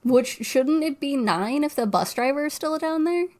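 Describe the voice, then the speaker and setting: A woman in relaxed conversation walks through a horror film scene by scene. She slips into quick character voices as she quotes lines, then drops back into easy chat. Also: high voice. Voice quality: animated retelling with quoted voices. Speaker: podcast co-host. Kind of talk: casual movie recap chat.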